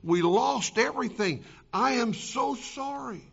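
A man's voice: mid-range voice, monotone, slow, voice pushed down. Frantic tearful wife, as a preacher puts her on. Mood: frantic, apologetic. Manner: pleading, apologetic. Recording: dull lo-fi recording.

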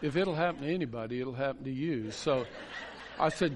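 A man's voice: mid-range voice, fairly quick, background noise. A man, a pastor, telling a story in a sermon in a folksy way, chuckling and restarting his sentences.

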